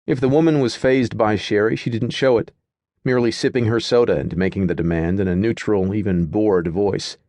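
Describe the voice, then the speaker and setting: A male narrator with a lowish voice reads a fantasy audiobook in a steady, measured way. The recording is close and dry, with no room sound. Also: no room sound. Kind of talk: scripted narration.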